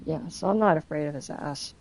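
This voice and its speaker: A young woman streams a game and chats bluntly and casually with her viewers, swearing freely. Her voice is low-pitched and a little mellow, and she talks fairly quickly.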